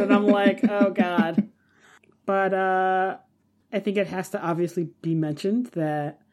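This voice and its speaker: A woman co-hosting a podcast in casual chat, animated and playful, laughing easily. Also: mid-range voice. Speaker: podcast co-host.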